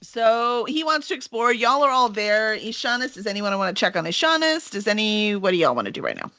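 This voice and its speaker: A woman's voice: mid-range voice, very animated, brisk, bright, forceful tone, lo-fi sound. A woman running a tabletop game as game master, narrating and voicing the people her players meet.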